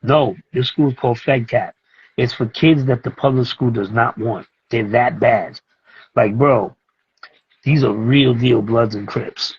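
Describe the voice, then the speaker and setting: A middle-aged man, a music producer and teacher talking as a guest in a casual interview, telling animated stories and acting out what others said. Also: medium pitch, unhurried, breathy edge, highs cut off. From Brooklyn, New York. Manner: animated, acts out other people's lines as he tells a story.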